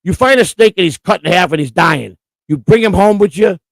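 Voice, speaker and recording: Man, gravelly voice, blunt profane rants, casual live-stream co-host, dry sound. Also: high-pitched, animated, a little fast, no echo.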